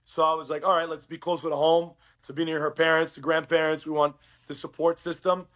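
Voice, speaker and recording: Middle-aged guy from uruguay, talks fast, acts out all the dialogue in his stories. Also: a little high. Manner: animated, acts out quoted dialogue. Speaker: podcast guest. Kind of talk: casual storytelling interview.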